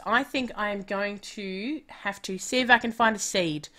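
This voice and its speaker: A woman's voice: mid-range voice, normal speed, sharp tone. A woman chatting casually on a live game stream, self-deprecating and talking to herself as she plays.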